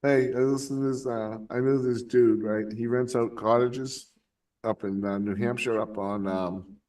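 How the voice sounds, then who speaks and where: A man's voice: medium pitch, fairly even intonation, a little slow, a little mellow, far from the mic. A man, rambling through a story among friends, swearing and laughing often. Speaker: podcast host. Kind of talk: casual stoner chat with friends.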